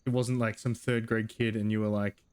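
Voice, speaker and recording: A man's voice: on the low side, level tone, normal speed, a little mellow, clean tone, no room sound. Joking young man streaming a game. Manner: joking, laughing commentary. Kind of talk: let's play commentary.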